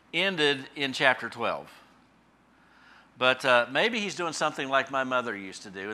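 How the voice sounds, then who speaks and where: A middle-aged pastor and Bible teacher gives a conversational radio sermon in a casual, folksy style, full of fillers and restarts. He punches key phrases by suddenly raising his voice, and his mid-range voice sounds pushed and bright.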